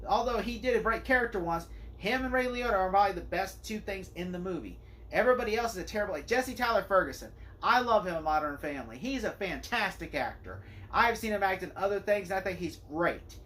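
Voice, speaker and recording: A man's voice: sits high, lively intonation, quick pace, fairly bright tone. A man giving a casual spoken movie review, rambling and opinionated and leaning hard on "like" as a filler. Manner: rambling and opinionated, heavy use of "like".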